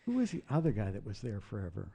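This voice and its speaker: An older former congressman telling political stories in a casual interview, passionate and animated. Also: lowish voice, quick pace, creaky, over a noisy crowd. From United States. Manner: animated storyteller, raises voice in retold quotes. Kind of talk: anecdotal storytelling.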